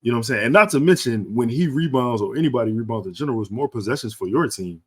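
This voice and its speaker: A man's voice: mid-range voice, animated, fast, breathy edge. A man co-hosting a podcast in casual chat, talking with laid-back slang and thinking aloud as he goes. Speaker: podcast co-host.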